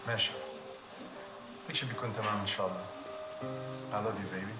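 An actor playing a young man in a waiting room on the phone, talking quickly and fondly. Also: lowish voice, steady tone, lightly acted. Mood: tender. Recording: roomy echo with music.

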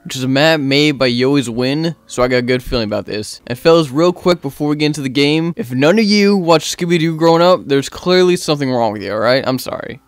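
A young man giving gameplay commentary as a gaming YouTuber, excitable and slangy, often yelling in panic. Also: fairly high pitch, fast talker, few pauses, dry recording.

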